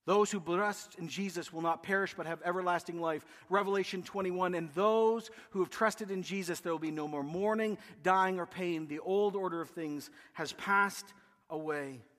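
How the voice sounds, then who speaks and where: A man preaches to his congregation, his voice sitting high as he stacks phrases into emphatic rhythmic lists. He breaks off for quick asides before driving on. The sound trails off in the long reverb of a large hall. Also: fairly bright tone. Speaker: pastor. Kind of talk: sermon.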